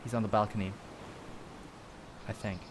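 A man streaming a game live, commenting excitedly, swearing often and talking to his chat. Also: lowish voice, normal speed, noisy background. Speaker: livestreamer.

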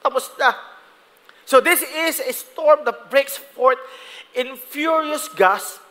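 A man's voice: very high voice, takes it slowly, bright, forceful tone, long reverb tail. A man with a Filipino accent preaching a sermon, reading Bible verses and explaining them with frequent "no?" tags. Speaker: pastor.

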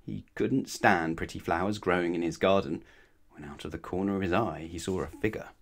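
A man's voice: low-pitched, fairly quick. A man reading a children's bedtime story aloud expressively, often asking the listener questions. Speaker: storybook reader.

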